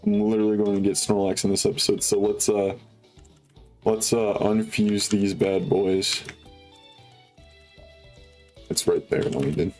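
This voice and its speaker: A man's voice: on the low side, little pitch movement, a little slow, long pauses, darkish tone, faint music behind. A young man hosting a video game let's play, chatting casually and upbeat with viewers, full of fillers. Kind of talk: casual gameplay commentary.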